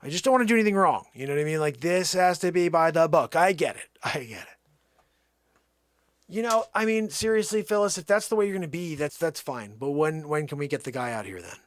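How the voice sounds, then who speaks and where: Middle-aged man, prank caller, higher-pitched voice, dry close sound. Rambling, exasperated, loud bursts. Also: lively intonation, fairly quick, no room sound. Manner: rambling, exasperated, swinging between mutters and loud outbursts. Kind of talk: comedic prank phone call.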